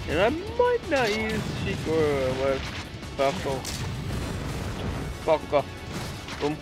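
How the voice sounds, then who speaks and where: Goofy teen boy over loud game music. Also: fairly high pitch, slow, pauses often. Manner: goofy, excitable, swears, jumps into silly shouts. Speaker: let's play commentator. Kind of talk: casual gameplay commentary. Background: video game music.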